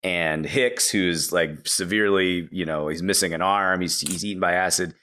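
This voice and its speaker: Man excitedly retelling a film scene. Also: deep voice, normal speed. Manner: animated storytelling with many "like" and "you know" fillers. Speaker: podcast guest. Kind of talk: casual movie recap.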